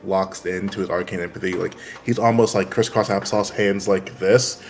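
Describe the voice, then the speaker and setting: A man's voice: low voice, steady tone, normal speed, soft background music. A man playing a tabletop game, talking casually and rambling about his character. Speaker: player.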